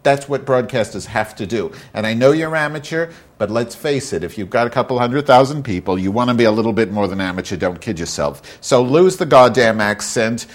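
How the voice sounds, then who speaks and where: A man's voice: medium pitch, brisk, few pauses. A man hosting a casual solo podcast, rambling and ranting with frequent swearing. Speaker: podcast host.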